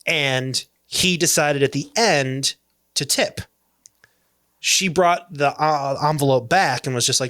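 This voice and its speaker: Higher-voiced man telling an awkward anecdote. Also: slow, dry recording. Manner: animated anecdote, laughing through it. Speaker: podcast contestant. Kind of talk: casual comedic chat.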